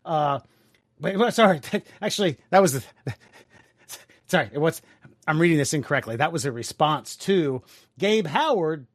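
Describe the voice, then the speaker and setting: A man's voice: on the high side, lively intonation, normal speed, long pauses, no room sound, studio quality. A man co-hosting a casual podcast, reading out listener comments with frequent laughs, filler words and swearing. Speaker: podcast co-host.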